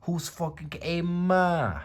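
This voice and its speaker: Guy doing a loud brooklyn cartoon duelist, cocky and pitched way up. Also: takes it slowly. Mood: brash. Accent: New York (Brooklyn), put on. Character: brash young male cartoon duelist with a Brooklyn accent.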